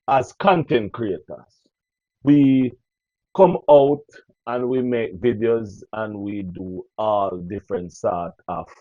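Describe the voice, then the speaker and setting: A Jamaican man vlogging to his viewers in casual patois, animated and preachy, often repeating phrases. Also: medium pitch, no room sound. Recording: dull lo-fi dry recording.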